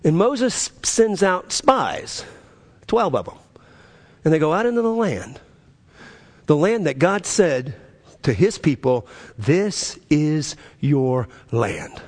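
Animated preacher man. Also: takes it slowly, pauses often. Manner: animated preaching, swinging from loud highs to low quiet stresses, repeats words. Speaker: pastor. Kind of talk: sermon.

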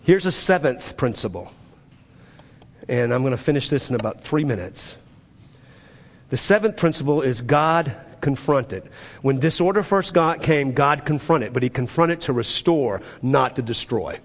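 A man's voice: animated, measured pace. Emphatic male pastor preaching in a reverberant hall. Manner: emphatic, rises to high urgent peaks and drops low and quiet. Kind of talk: sermon. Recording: long reverb of a large hall.

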